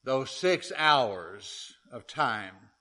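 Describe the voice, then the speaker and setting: A middle-aged man preaches to his congregation in an earnest, measured way. He takes his time and leans on each line of scripture. His voice is bright and forward, and his pitch sits in a normal middle range. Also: expressive. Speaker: pastor. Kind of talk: sermon.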